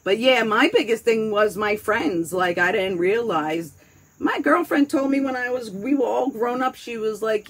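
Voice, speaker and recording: A woman's voice: a little high, lively intonation, moderate pace, slightly rough, low-quality recording. A woman with a New York accent chatting casually, candid and rambling, swearing freely as she talks. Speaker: host. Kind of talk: casual chat.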